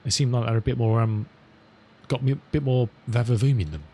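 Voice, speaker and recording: A middle-aged man chatting casually with viewers as a live streamer, rambling and amused, reading radio calls slowly. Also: medium pitch, warm tone, a little hiss or hum. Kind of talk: casual chat with viewers while flying.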